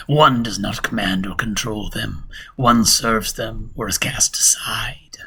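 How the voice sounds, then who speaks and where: A man voicing an ancient, sinister male entity that is cryptic and amused, speaking slowly with soft whispers in a tabletop game. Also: on the low side, slightly rough, heavily acted. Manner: slow, savoring, with soft chuckles and hissed whispers. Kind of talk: game master voicing a character.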